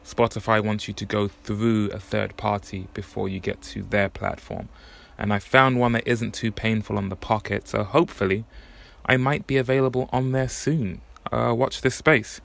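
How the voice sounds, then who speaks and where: Man, podcast host, casual monologue, low pitch, gravelly, self-correcting. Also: fairly even intonation, normal speed, a bit bright. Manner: conversational, thinking aloud with frequent self-corrections. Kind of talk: casual solo podcast monologue about new music.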